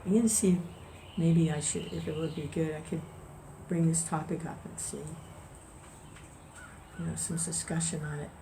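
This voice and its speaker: A woman's voice: low-pitched, fairly even intonation, normal speed, creaky, warm tone, a little hiss or hum, rough recording. A woman leading an informal spiritual discussion and telling a story in a conversational way, with restarts and chuckles. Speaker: devotional discussion leader.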